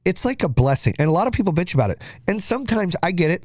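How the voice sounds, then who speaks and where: A man's voice: sits high, very animated, fast talker, a little mellow, no room sound. Middle-aged male host, motivational monologue, blunt and profane, dry close sound. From United States. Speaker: podcast host.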